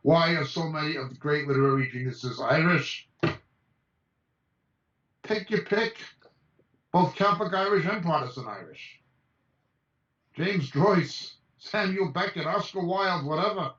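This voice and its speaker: A man speaks as a Bible teacher in an emphatic, high-pitched voice and reels off names in quick lists. He sounds far from the mic on a video call. The audio is dull and roomy. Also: fairly bright tone. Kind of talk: impassioned message over a video call.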